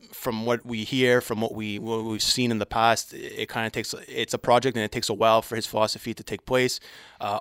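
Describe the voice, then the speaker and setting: A man co-hosting a podcast in casual sports chat, talking hesitantly with many pauses and restarts. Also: mid-range voice, fairly bright tone, smooth, no echo, clean studio sound. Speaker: podcast co-host.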